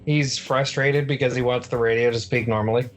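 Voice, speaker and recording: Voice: medium pitch, fairly even intonation, a little fast, faint music behind. A player in a tabletop role-play game, laughing and joking at their own bad rolls. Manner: laughing, self-mocking.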